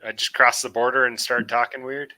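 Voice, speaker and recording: A man's voice: mid-range voice, little pitch movement, a little fast, sharp tone. A man hosting a casual live stream chat, reading viewer comments in a joking, laid-back way. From moved to Montana from elsewhere. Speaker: host.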